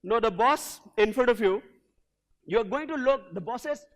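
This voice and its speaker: A man giving an energetic motivational keynote as a leadership coach in a hotel event hall, telling a story and leading the audience in call-and-response. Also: very high-pitched, normal speed.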